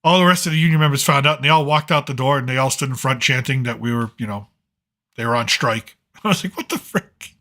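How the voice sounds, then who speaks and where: A man hosts a casual late-night monologue, telling rambling anecdotes that drift from point to point. His voice is bright and forceful at a middling pitch. He keeps reining himself back in with filler like "so anyways". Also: steady tone, fast talker. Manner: rambling, digressive storytelling with frequent "so anyways". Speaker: host.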